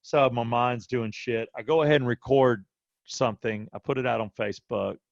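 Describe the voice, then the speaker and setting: A podcast co-host with a gravelly, mid-range voice tells a personal story casually at a normal pace, animatedly acting out other people's quoted lines. The recording is dry, with the highs cut off.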